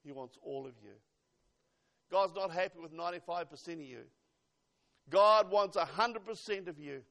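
A man preaching a fervent sermon to a congregation, swinging between loud exhortation and hushed asides. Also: high voice, normal speed, vocal fry.

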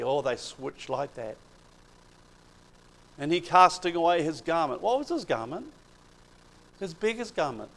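Gravelly-voiced man preaching a sermon. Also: on the high side, unhurried, long pauses, poor audio. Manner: retells Bible stories with animated emphasis.

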